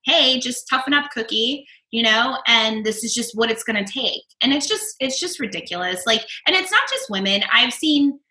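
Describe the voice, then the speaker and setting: A woman's voice: a little high, expressive, normal speed, hardly any pauses, sharp tone. A woman guest talking poker in a casual podcast chat, emphatic and blunt, swearing freely. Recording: roomy echo.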